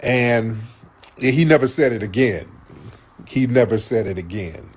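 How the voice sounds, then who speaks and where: This man hosts a show, reading out viewer comments and storytelling in a casual way while acting out others' lines. His medium-pitched voice is unhurried and slightly rough.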